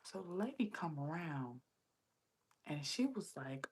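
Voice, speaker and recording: A woman's voice: low-pitched, very animated, measured pace, breathy edge. A woman hosting a casual livestream, chatting straight to her viewers and telling stories. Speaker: livestream host.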